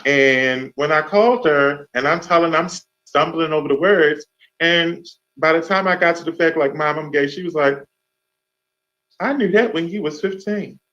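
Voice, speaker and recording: This radio talk show host, his voice a little high and his pace moderate, chats casually through a story while performing the voices of the people in it. The sound is dull and lo-fi.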